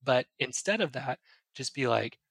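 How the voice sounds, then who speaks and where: A man's voice: medium pitch, expressive, moderate pace, creaky, a bit bright, husky, dry recording. A man, a psychiatrist guest on a podcast, earnestly explaining ideas with everyday examples. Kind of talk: casual podcast advice.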